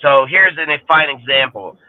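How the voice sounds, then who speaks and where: A man's voice: on the high side, lively intonation, moderate pace. A man ranting on a sports podcast panel, swearing constantly and rambling heatedly in casual talk. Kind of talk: profane casual rant. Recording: tinny phone-like line.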